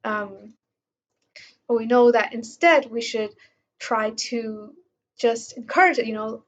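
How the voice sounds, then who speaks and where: A woman's voice: a little high, slow pace, long pauses, highs cut off, a little hiss or hum. A woman reading passages from a self-help book aloud and commenting on them in a casual way, with many fillers. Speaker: book reviewer.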